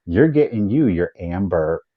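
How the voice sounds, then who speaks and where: A man co-hosting a live sale, making relaxed joking side remarks and reading out bids. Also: deep voice, measured pace, phone-quality sound. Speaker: co-host. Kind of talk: live auction banter.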